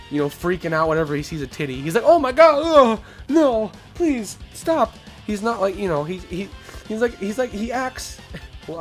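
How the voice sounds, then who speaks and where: A young man hosting a casual video, rambling and laughing as he talks, often repeating himself. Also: medium pitch. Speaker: YouTube host. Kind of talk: casual ranking commentary.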